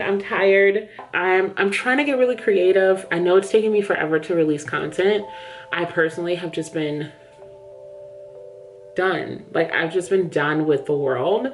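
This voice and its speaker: A woman book vlogger chatting candidly to camera in a small room under studio lights, a little out of breath. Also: on the low side. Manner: chatty, candid, says "yo" and "y'all". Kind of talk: casual chat to camera.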